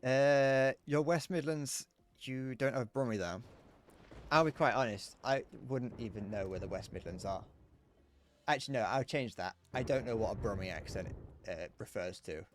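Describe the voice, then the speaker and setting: A young man with a southern English accent, chatting casually while streaming a game and answering chat, muttering low to himself between brighter, self-deprecating replies. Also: normal speed. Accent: British, southern English. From England. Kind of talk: casual gameplay chat reading chat aloud. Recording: faint background noise and clicks.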